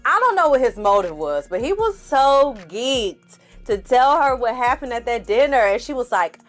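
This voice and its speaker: A woman's voice: a little high, big pitch swings, moderate pace, soft background music. A woman hosting a casual reality TV recap, laughing often, swearing freely and calling her viewers "y'all" and "honey.". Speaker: TV recap host.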